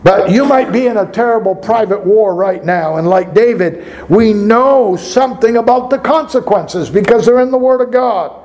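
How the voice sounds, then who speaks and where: A man's voice: high-pitched, moderate pace, few pauses, darkish tone, low-quality recording. A man pastor preaching a sermon, reading scripture aloud and asking the congregation rhetorical questions.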